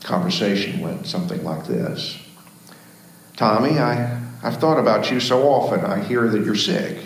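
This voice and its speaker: A man's voice: lowish voice, moderate pace, a little hiss or hum. A man, the pastor, preaching a sermon in a folksy storytelling manner, telling jokes and anecdotes. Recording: very echoey church room.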